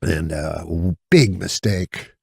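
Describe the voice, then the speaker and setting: A man with a low, gravelly voice spins long, rambling anecdotes in a dry, deadpan manner, often breaking into a chuckle at his own tales. The sound is close and dead, with no room around it. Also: takes it slowly, no echo. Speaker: comedian guest. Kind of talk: casual anecdote storytelling.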